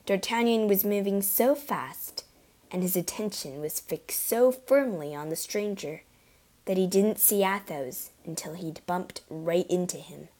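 A woman narrating an adventure storybook. Her reading is clear and steady, and her voice sits a little low for a woman. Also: measured pace.

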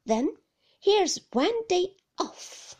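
A woman voicing a stern, harsh middle-aged spinster in a storybook reading, sharp and scolding. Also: big pitch swings, drawn-out words, heavily acted. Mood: curt. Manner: sharp, scolding, shrill outbursts.

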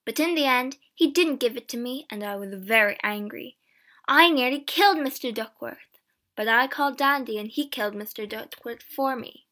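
A woman voicing a defiant young man, a witch's son, who boasts loudly. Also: on the high side, normal speed. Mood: angry. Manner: loud, boastful.

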